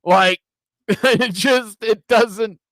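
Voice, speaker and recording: A man's voice: high voice, extremely slow, fairly bright tone, slight background noise. A man hosting a reaction show, giving blunt, critical and profane casual commentary.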